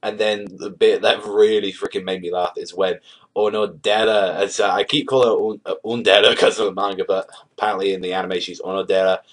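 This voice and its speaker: Young man, anime reviewer, low voice, rambling, filler-heavy, swears casually. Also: little pitch movement, fairly quick.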